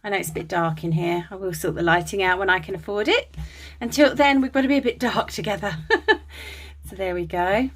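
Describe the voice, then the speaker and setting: In a dim room at home, an English crafter chats through a show-and-tell of her vintage linens, her mid-range voice moving a little fast. She gushes warmly and fills the casual vlog with ums.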